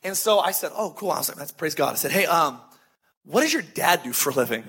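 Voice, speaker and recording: A man preaching a sermon, telling stories in a conversational way and slowing down to stress key phrases. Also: a little high, expressive, a bit bright, breathy edge. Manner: conversational storytelling with emphatic slowed phrases.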